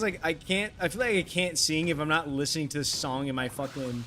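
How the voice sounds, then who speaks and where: A man's voice: medium pitch, animated, brisk, few pauses, bright, forceful tone. A man streaming live, chatting casually with his viewers and reading their messages aloud. He rambles with many fillers, apologizes often and swears offhandedly. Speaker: livestreamer.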